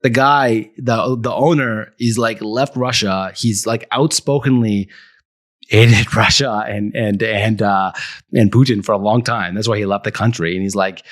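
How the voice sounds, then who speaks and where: A man's voice: fairly low pitch, steady tone, measured pace, dry recording, clean studio sound. A man co-hosting a marketing news show, reading quotes aloud and rambling with lots of fillers. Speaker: podcast co-host. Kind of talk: casual chat about marketing news.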